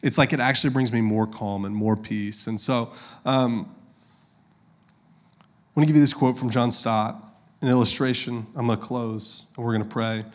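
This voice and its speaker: Conversational pastor preaching. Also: male voice, medium pitch, steady tone, normal speed, long pauses. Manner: conversational, personal storytelling with direct audience address. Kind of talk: sermon.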